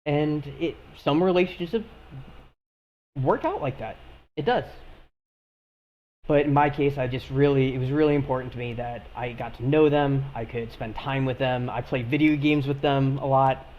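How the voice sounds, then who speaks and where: A man talking casually as a podcast co-host, telling animated stories and laughing often. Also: mid-range voice, moderate pace, muffled recording. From Japan. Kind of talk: casual chat.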